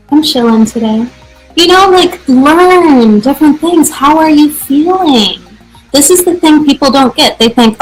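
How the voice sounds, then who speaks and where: A woman's voice: high voice, measured pace, faint music behind, poor audio. Upbeat American woman teaching English live. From United States. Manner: energetic, reads viewer questions aloud and answers chattily. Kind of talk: casual live-stream teaching.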